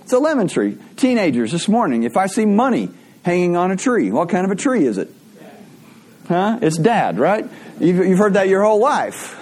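A man's voice: high-pitched, sing-song, normal speed, a little mellow. A man preaching a sermon in a conversational way, asking rhetorical questions and adding playful asides. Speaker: pastor.

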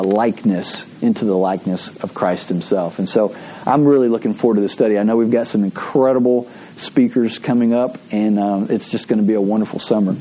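A man's voice: on the low side, warm tone, a little hiss or hum. A man preaching a sermon, telling stories in a conversational way with frequent restarts.

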